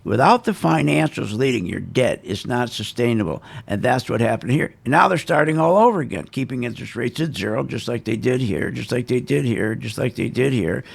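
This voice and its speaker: Man, gravelly husky voice, emphatic and repetitive, market commentary. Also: medium pitch, animated, brisk, few pauses. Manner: emphatic, repetitive, self-assured.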